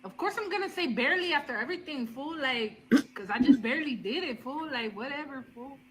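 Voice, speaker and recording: A woman's voice: high voice, lively intonation, fairly quick, noisy background. A woman doing a brash Mexican-American chola voice, drawling and ending phrases with a tag word. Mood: sassy. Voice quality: drawling, tags everything with 'fool'.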